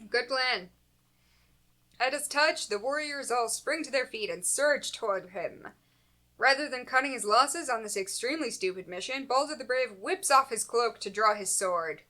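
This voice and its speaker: A woman's voice: a little high, normal speed, sharp tone. A woman co-hosting a comics podcast, reading plot recaps with dry, sarcastic asides and frequent laughter. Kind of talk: casual comedic recap, reads summary then riffs.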